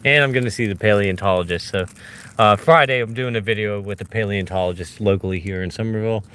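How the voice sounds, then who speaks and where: A man's voice: fairly low pitch, fast, fairly bright tone, clean tone. A man vlogging outdoors on a hillside, talking to his viewers as he searches and bursting into glee over each find. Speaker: vlogger hunting fossils. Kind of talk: casual talk to camera while searching.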